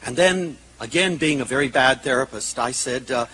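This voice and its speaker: A man giving a public lecture to an audience. He tells stories in an animated way, with self-mocking humor. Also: mid-range voice, normal speed, few pauses, noisy background.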